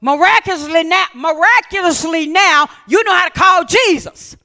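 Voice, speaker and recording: A woman preaching a sermon in a high, bright voice. She is animated, shouting some lines and dropping to hushed near-whispers on others. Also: normal speed. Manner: animated, swings between loud emphatic lines and near-whispers.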